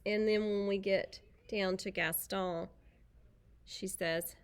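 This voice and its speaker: A woman's voice: mid-range voice, expressive, unhurried, fairly bright tone. A woman teacher reading a picture book aloud to young children, chatty and playful, stopping to talk about the pictures.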